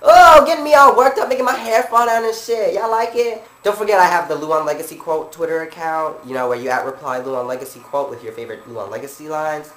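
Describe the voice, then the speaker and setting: A young woman vlogger telling a comic story as a blunt, profane, animated rant. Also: low-pitched, fast, hardly any pauses, slight background noise. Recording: echoey room.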